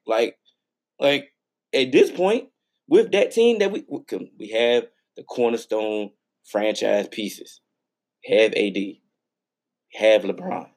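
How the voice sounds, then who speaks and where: A man chatting on a sports podcast with a gravelly, husky voice. His pitch swings up and down a lot as he argues his points. He talks in loose slang and repeats phrases to hammer them home. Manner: animated, slangy, repeats himself for emphasis. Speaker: podcast co-host. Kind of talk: casual sports podcast chat.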